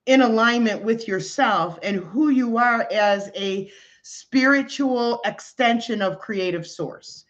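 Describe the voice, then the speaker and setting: A woman spiritual healer speaks softly and soothingly, with many fillers, as she gives a talk and leads a breathing meditation. Her voice sits at a medium pitch. The audio is a little dull and muffled. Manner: gentle, soothing, with frequent fillers.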